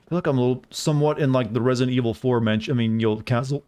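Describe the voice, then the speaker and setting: A man in the middle of a game stream who talks quickly and chats casually with his viewers. He jokes with them in a teasing way and dodges their questions about himself. His voice sits at an ordinary middle pitch. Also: darkish tone, clear, resonant tone. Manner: teasing, evasive, talks over gameplay. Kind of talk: casual gaming commentary to chat.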